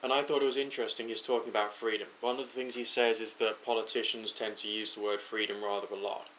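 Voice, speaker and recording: Talking fast with little pitch movement, a British vlogger thinks out loud to camera late at night, rambling from fatigue and revising himself mid-thought. His voice is fairly low and fairly bright. The audio is low quality, with a little hiss or hum.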